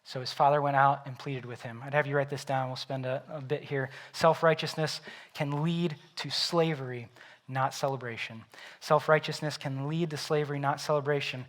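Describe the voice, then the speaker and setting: A man preaching a sermon as pastor, animated and acting out the Bible characters in quoted voices. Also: mid-range voice, normal speed.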